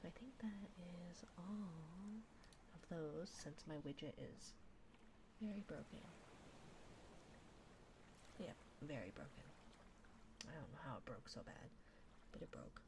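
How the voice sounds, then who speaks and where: A woman streamer giving a whispered ASMR livestream chat, softly whispering and giggling. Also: low-pitched, expressive, background noise. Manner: soft whispering, slow and drawn out, often giggling. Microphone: binaural dummy-head microphone.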